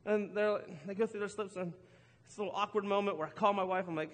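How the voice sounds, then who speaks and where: A man's voice: sits high, fast talker, fairly bright tone. A middle-aged man preaching a sermon, telling a casual story about his week with lots of laughs and restarts. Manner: chatty, self-deprecating, laughs often, restarts a lot. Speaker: pastor. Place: church auditorium. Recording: church hall with long reverb.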